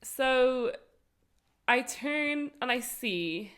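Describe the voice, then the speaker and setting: A woman telling a travel story on a podcast, animated and full of laughter. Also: high voice, drawn-out words, clear, resonant tone. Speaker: podcast co-host. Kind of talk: casual storytelling chat.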